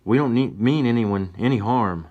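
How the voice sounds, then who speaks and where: A man's voice: medium pitch, normal speed, highs cut off, voice pushed up, close to an everyday voice. A man doing a pleading young cowboy. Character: young cowboy, earnest and peaceable.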